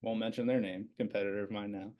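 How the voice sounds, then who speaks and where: A man's voice: fairly low pitch, fairly even intonation, quick pace, lo-fi sound. A man, a business owner in his thirties, telling stories casually as a podcast guest, with many fillers and repeated words. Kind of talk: casual interview storytelling.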